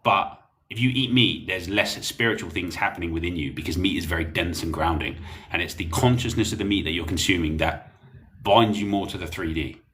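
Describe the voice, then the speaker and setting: A man's voice: sits low, brisk, fairly bright tone, slight background noise. A young man, chatting bluntly and rambling while reading comments on a livestream. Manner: blunt, rambling, laughs often.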